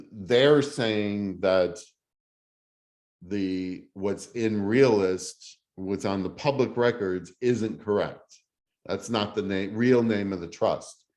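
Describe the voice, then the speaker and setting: Slow, halting male real estate instructor. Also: on the low side, a little mellow. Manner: halting, many fillers and restarts. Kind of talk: casual teaching over video call.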